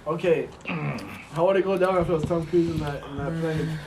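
A man's voice: fairly high pitch, fairly even intonation, a little fast, darkish tone, slight background noise. A young man co-hosting a casual podcast, trading crude, mocking banter. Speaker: co-host. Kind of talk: casual chat.

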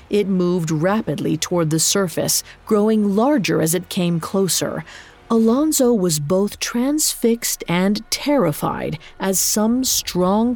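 A woman narrating a folk tale in a measured, even scripted reading. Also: on the low side. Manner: measured, even storytelling delivery. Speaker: storyteller.

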